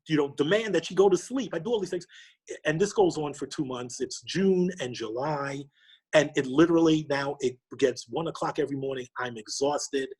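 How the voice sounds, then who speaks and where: A middle-aged man from New York, a podcast guest, telling a personal story with lively quoted dialogue. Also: medium pitch, breathy edge. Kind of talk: storytelling interview.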